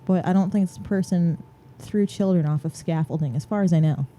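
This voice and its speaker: Wry woman with a dark, mellow voice. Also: on the low side, fairly quick. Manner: wry, joking asides. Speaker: podcast co-host. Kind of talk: casual chat.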